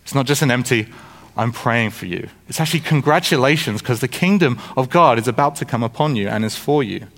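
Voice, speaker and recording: A man's voice: medium pitch, quick pace, hardly any pauses, a bit bright. A man preaching a sermon in a conversational, informal way, with frequent restarts and asides and jokes with the congregation. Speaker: pastor.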